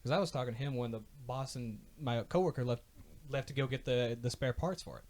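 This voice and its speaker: A man's voice: medium pitch, a little mellow. Blunt man chatting casually. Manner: blunt, swears freely, chimes in with quick agreement. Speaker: podcast co-host. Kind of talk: casual chat.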